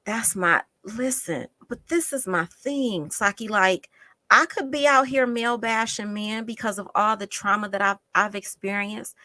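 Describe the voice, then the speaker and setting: A woman's voice: medium pitch, a little slow, sharp tone, no room sound. A woman doing casual live-stream commentary, emphatic and exasperated, often repeating phrases for effect.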